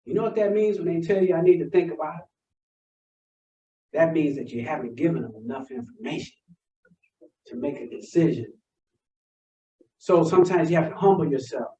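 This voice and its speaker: A high-voiced man teaches sales through stories, acting out both sides of his phone calls. He sounds roomy and set back from the mic, with a slightly dull tone. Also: expressive, moderate pace, pauses often, mellow, distant mic. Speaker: sales trainer. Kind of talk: motivational storytelling talk.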